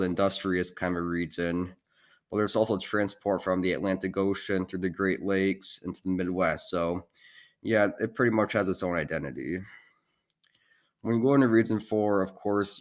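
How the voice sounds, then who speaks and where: A man with a notably deep, low-pitched voice talks through a map as a casual explainer. He is relaxed and unscripted, and he keeps stopping to fill gaps with ums and likes. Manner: loose and hesitant, with many ums and likes. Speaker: geography video host.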